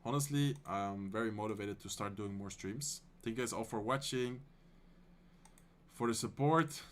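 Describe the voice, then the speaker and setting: A Dutch man streaming live, calling an esports match in English with a Dutch accent, then answering chat in a relaxed, friendly way. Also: lowish voice, slight background noise. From Netherlands. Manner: excited fast play-by-play calls that give way to relaxed, soft chat replies. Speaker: streamer and tournament caster.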